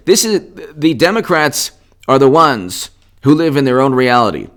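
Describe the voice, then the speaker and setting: A man's voice: mid-range voice, expressive, a little slow, fairly bright tone. A man giving unscripted political commentary in a combative, indignant and sarcastic rant.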